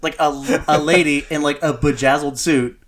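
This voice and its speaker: A man's voice: fairly high pitch, fairly even intonation, moderate pace, fairly bright tone, slight background noise. A man co-hosting a car podcast, chatting casually with lots of fillers and a self-deprecating humor. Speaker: podcast co-host.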